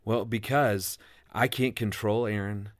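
A man's voice: on the low side, fairly even intonation, measured pace, dry recording, studio quality. A middle-aged man, a guest author, speaking in an emphatic, preacherly way and quoting scripture. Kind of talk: earnest faith-based interview talk.

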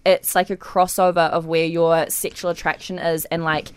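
A woman's voice: fairly low pitch, level tone, moderate pace, clean tone. A woman on a casual podcast, explaining something in a rambling way full of fillers. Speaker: podcast guest.

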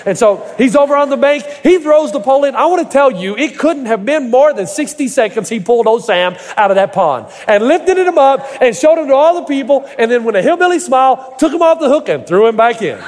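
High-voiced preaching man in a big hall. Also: expressive, a little fast, hardly any pauses. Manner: storytelling with folksy humor, rising to emphatic preaching. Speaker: pastor. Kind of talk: sermon. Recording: echoey hall reverb.

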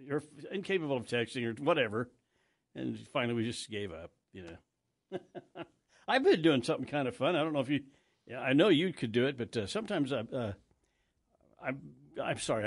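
An older man hosting a morning radio show, telling rambling stories with frequent restarts and easy laughs. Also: medium pitch. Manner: rambling, self-interrupting storyteller who laughs easily. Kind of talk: casual radio banter. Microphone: studio microphone.

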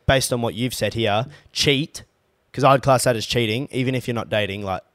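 A man's voice: mid-range voice, moderate pace, a bit bright, dry recording. A young man, co-hosting a casual podcast chat, blunt and emphatic, swearing freely. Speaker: podcast co-host.

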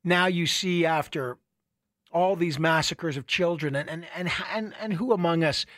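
A middle-aged man hosting a radio show, telling stories in a casual, animated way with many restarts. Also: fairly high pitch, normal speed, dry recording, studio quality. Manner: conversational, animated storytelling with restarts. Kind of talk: casual talk radio monologue.

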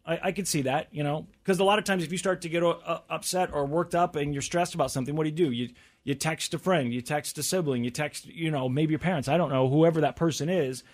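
A man's voice: on the high side, fast talker. A man in his thirties co-hosting a casual chat, easygoing and rambling, with frequent restarts. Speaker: co-host.

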